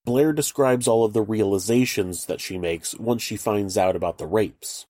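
A man narrating a true-crime video in a flat, matter-of-fact way. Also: fairly low pitch, normal speed, no room sound.

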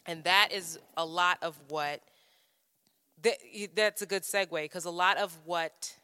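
A woman's voice: on the low side, steady tone, measured pace, pushed and bright, clear, resonant tone, in a large hall. A woman co-hosting a podcast, telling a personal story in a frank, profane way, often stopping and restarting her sentences. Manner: frank, profane, self-interrupting. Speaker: podcast co-host.

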